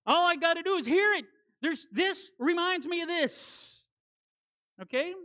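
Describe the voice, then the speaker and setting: As a guest preacher, a woman gives a sermon in a high-pitched voice at an unhurried pace. She is animated, driving points home through repetition and breaking up the preaching with folksy, conversational asides.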